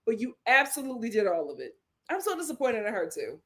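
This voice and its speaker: High-voiced, animated woman host. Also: fast. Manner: animated, laughs often, sassy. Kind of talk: casual commentary reading viewer comments.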